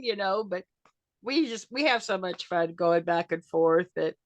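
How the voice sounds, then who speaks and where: A woman's voice: mid-range voice, lively intonation, slow, fairly bright tone, no room sound. An older woman from Arkansas, chatting folksy and laughing as she tells wrestling stories in an interview. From Arkansas, USA. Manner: chatty, folksy, laughs often, acts out quotes. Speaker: wrestling fan character, guest. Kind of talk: casual storytelling interview.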